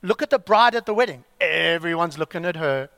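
A man preaching a sermon, emphatic and full of rhetorical questions and dramatic pauses. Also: a little high, expressive, vocal fry, fairly bright tone, smooth, no room sound, clean studio sound. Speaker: pastor.

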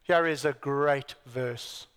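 A man's voice: mid-range voice, slow pace, a bit bright, clear, resonant tone, long reverb tail. A man preaching a sermon, emphatic, asking his listeners rhetorical questions, with dry self-deprecating asides. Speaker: pastor.

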